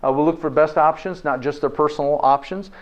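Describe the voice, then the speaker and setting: A man's voice: a little high, a little fast. Folksy man lecturing, dull lo-fi sound. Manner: folksy, peppers points with "okay?" and rhetorical questions. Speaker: health presenter. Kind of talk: live lecture to an audience. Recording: dull lo-fi recording.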